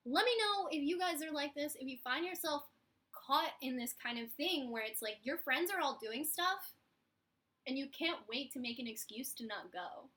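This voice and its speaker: A young woman with a Philadelphia accent, chatting casually and mocking herself. Her voice is bright and forceful and sits a little high. She keeps slipping into the voices of the people she quotes. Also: lively intonation, normal speed. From Philadelphia, USA. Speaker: vlogger. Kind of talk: casual live chat.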